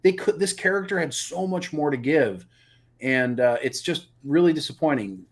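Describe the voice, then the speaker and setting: Animated, opinionated man reviewing a show. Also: on the high side, moderate pace. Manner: animated, opinionated, repeats words when excited. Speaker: podcast co-host. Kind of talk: casual live review chat.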